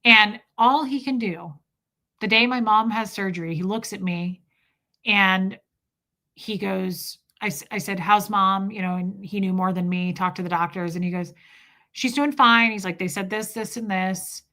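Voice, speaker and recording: A woman in her thirties telling an emotional personal story about her family, speaking haltingly with restarts. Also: mid-range voice, steady tone, bright, forceful tone. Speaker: vlogger.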